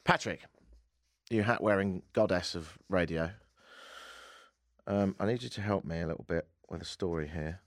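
A man's voice: low-pitched, normal speed, long pauses, no room sound, clean studio sound. A man hosting a casual radio talk show, joking and slipping into silly voices for bits. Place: radio studio.

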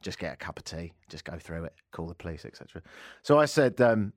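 A man's voice: sits low, big pitch swings, fast talker, no room sound, clean studio sound. A man hosting a live talk radio show, telling a comic story with self-mocking jokes. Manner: jokey, self-mocking storytelling, jumps between loud and hushed. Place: radio studio.

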